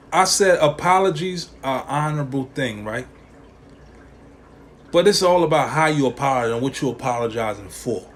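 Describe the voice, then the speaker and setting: A man's voice: a little high, a little hiss or hum. A man hosting a podcast, ranting emphatically in profane slangy talk and repeating lines to hammer a point home. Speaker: podcast host. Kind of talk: opinionated podcast rant.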